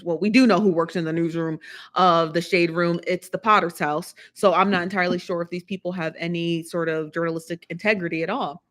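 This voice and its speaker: Woman hosting a live stream; casual, chatty, animated commentary with frequent repetition and laughter. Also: on the low side. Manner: chatty, animated, repeats herself, laughs often. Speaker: live show host.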